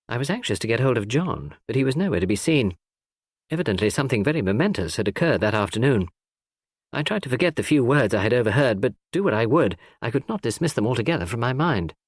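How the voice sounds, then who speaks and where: A man narrating a classic novel in a measured storytelling read. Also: lowish voice, dry recording, clean studio sound. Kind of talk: audiobook narration.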